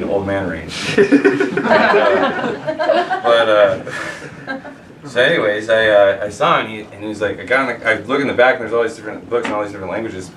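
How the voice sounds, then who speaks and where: Guy rambling thru a story on stage, kinda low voice, echoey room, mic far off. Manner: rambling, halting, lots of restarts and swearing. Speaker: storyteller at a live show. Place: live venue with an audience. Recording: roomy, distant live recording with noise.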